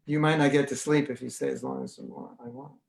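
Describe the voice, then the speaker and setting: Over a video call, an American spiritual teacher gives an informal online class, speaking fast in a creaky, mid-range voice with a little hiss or hum. He is lively and conversational, acting out other people's voices as he quotes them.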